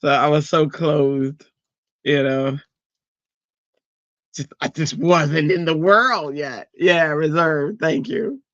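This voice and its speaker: A man's voice: a little high, takes it slowly, long pauses, fairly bright tone, no room sound, muffled recording. A middle-aged man hosting a crafting livestream, chatting casually, telling stories with animation and laughing often.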